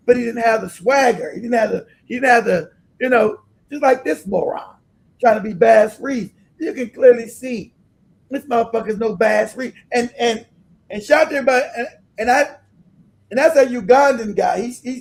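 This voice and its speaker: High gravelly man ranting on a stream. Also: moderate pace, rough recording. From California. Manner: profane, laughing, animated. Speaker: host. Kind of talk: casual livestream rant.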